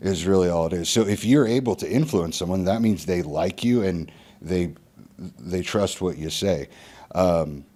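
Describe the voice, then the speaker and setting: Man, 30s, very low voice, podcast guest, rambling, stumbles and restarts. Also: moderate pace, dark tone. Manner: loose, rambling with repeated restarts and profanity. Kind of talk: casual podcast conversation.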